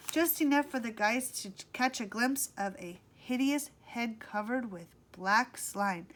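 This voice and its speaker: A woman narrating a children's book aloud in a slow, expressive read-aloud manner. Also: fairly high pitch. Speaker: audiobook reader. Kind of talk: storybook narration.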